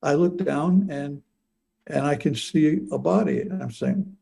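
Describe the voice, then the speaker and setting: Gravelly-voiced man telling a story, halting. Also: fairly high pitch, mellow. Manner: halting, repeats words, stammers. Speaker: speaker telling a near-death experience. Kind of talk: personal storytelling talk.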